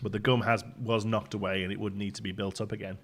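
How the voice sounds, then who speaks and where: Hosting a live stream, a young British man chats casually and jokes with viewers, laughing often. He talks fast in a fairly low, slightly bright voice with little pitch movement.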